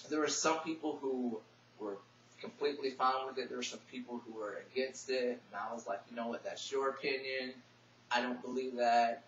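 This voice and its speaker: Young guy vlogging, soft and teary, dull lo-fi webcam audio with faint hum. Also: medium pitch, roomy sound, far from the mic. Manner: soft-spoken, emotional, dropping to a near whisper at times. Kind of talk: casual personal storytelling to camera.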